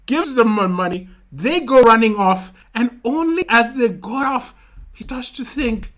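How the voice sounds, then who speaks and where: Malawian man telling an animated story. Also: extremely high pitch, measured pace. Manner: animated storytelling with vocal sound effects. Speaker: comedian. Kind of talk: stand-up comedy livestream talking to chat.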